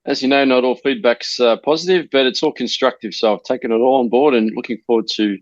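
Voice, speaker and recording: A man's voice: mid-range voice, no echo, dull audio. A man co-hosting a sports podcast in a mock-serious way. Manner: mock-serious, fast-talking. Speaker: podcast co-host. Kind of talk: casual sports chat.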